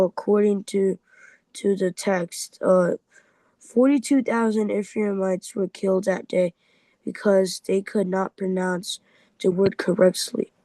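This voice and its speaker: A man's voice: high-pitched, darkish tone, dry recording, poor audio. A man reading aloud in a Bible class, stumbling over words and restarting often.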